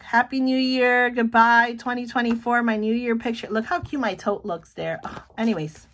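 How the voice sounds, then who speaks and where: Middle-aged woman vlogger with a slightly high voice, excitable and chatty. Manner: chatty and excitable, keeps saying "look". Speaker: planner vlogger. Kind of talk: casual show-and-tell chat.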